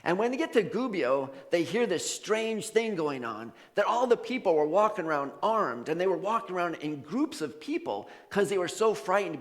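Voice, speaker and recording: Man, minister, storytelling sermon, lively pitch, echoing church hall. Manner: animated, casual storyteller acting out voices. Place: church sanctuary. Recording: long hall reverb.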